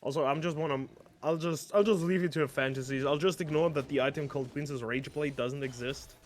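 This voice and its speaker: German-accented man, slightly high voice, analytical esports color caster. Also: fairly quick, a little hiss or hum. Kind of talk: live esports commentary.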